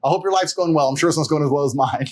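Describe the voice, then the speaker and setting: A podcast guest with a slightly high voice talks rapid-fire during a casual storytelling chat. He tells boastful stories in a brash, profane style and laughs often.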